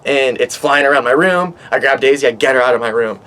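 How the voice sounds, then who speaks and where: A man vlogging from his back porch, telling a story in an animated, rambling way and swearing a lot. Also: mid-range voice, fast talker. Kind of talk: casual storytelling monologue. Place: outdoors on a back porch by water.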